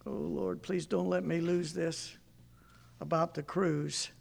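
A man's voice: a little high, flat delivery, slow, creaky. A man preaching fervently, reading aloud from a book and stopping to comment, with exclamations of praise.

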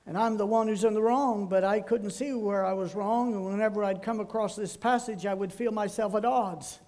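A man's voice: high-pitched, fairly even intonation, normal speed, a little mellow. An older man, a pastor, giving a folksy sermon full of homespun, rambling anecdotes.

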